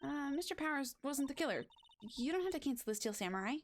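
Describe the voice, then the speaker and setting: A woman's voice: high-pitched, big pitch swings, fast, faint music behind, pitched above the performer's own voice. A woman reading the lines of an earnest young male defense lawyer in close to her own voice.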